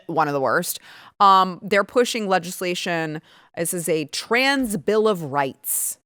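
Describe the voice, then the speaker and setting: Woman, talk show host, bright, crisp, dry close sound, sarcastic. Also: fairly low pitch, no room sound. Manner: sarcastic, animated, quick asides. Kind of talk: political talk show commentary.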